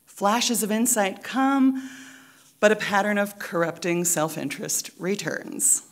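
A woman pastor preaching a sermon in a church, deliberate and emphatic, with rhythmic repetition. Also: mid-range voice.

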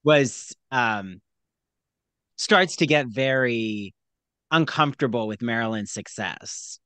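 A man chatting on a podcast about a show, his pitch bouncing all over and his tone bright and forward. He gushes, acts out lines and keeps the talk moving. The sound is close and dry. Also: slow pace, smooth, no room sound. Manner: animated, gushing, acts out quotes. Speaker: podcast co-host. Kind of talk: casual chat about a TV show.

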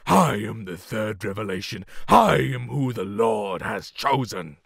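A young man acting out a ruthless middle-aged oilman who taunts slowly and swells into roars, recorded close on a studio condenser mic. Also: on the low side, animated, gravelly, fairly bright tone, husky, no room sound, heavily acted. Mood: menacing taunting.

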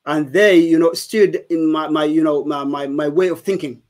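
Man, English, halting testimony, fairly high-pitched voice. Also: steady tone, a little mellow. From Somalia. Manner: halting, many fillers and restarts. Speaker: guest giving testimony. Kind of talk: personal testimony interview.

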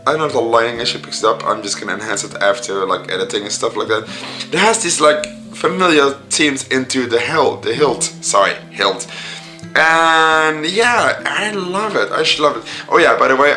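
A man rambling casually through a toy unboxing vlog, chatty and self-mocking, his voice a little hoarse. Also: medium pitch, pushed and bright. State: slightly hoarse voice. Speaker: vlogger reviewing a toy. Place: room indoors. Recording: echoey room, mic at a distance.

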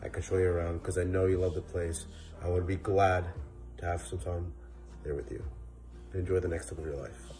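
A man's voice: deep voice, flat delivery, fairly quick, mellow, faint music behind. A young man giving a sincere farewell to a friend, recalling shared times. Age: young adult. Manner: sincere, listing memories. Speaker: college friend. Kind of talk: farewell message.

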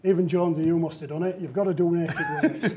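High-pitched male co-host, laughing anecdotes, clear background noise. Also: fairly even intonation, fast talker, highs cut off. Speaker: co-host, former rugby player. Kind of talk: casual chat.

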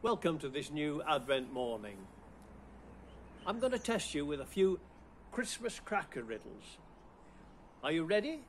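A man's voice: a little high, big pitch swings, a little slow, long pauses, a little hiss or hum. A man running a playful Christmas riddle routine, puzzling aloud over each one before chuckling at the answer.

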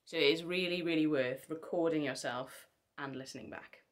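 A woman's voice: low-pitched, normal speed, slight background noise. A young woman, a singer, giving casual vocal tips to camera with chatty, self-deprecating asides.

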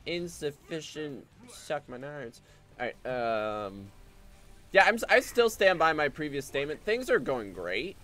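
A man's voice: wildly swooping pitch, measured pace, pushed and bright. Sarcastic man streaming a game. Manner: sarcastic, swears, swings into goofy squeaky exclamations. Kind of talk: casual gameplay commentary.

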